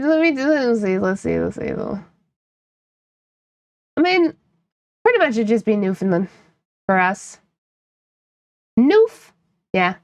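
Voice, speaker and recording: Woman streamer, high voice, playful and giggly, from upstate new york, dry close sound. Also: dry recording. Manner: playful, laughs often, teases chat. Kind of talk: casual live-stream chat with viewers.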